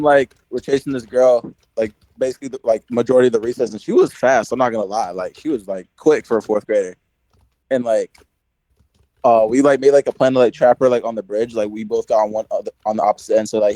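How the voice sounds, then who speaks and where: Young male podcast host, casual, animated storyteller, dry close sound. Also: medium pitch, brisk, dry recording, poor audio. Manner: animated storyteller, heavy "like" filler, acts out quotes.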